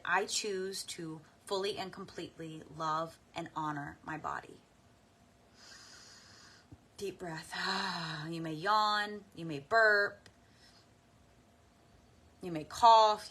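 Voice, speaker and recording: Slow, gentle woman guiding a tapping meditation. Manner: soft, unhurried, with frequent deep breaths and sighs. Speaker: guided tapping facilitator.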